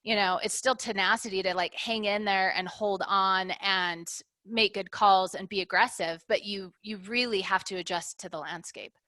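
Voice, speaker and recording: A middle-aged woman who owns a business gives a candid interview. She uses analogies to think through her ideas and frequently finishes with "right?". Her voice is medium-pitched, steady, pushed and bright, at a normal speed with few pauses, recorded dry.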